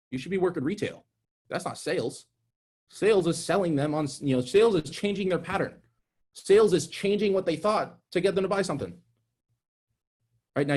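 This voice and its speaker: A young man giving an energetic, direct sales training talk, calling his audience "guys". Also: fairly high pitch, husky.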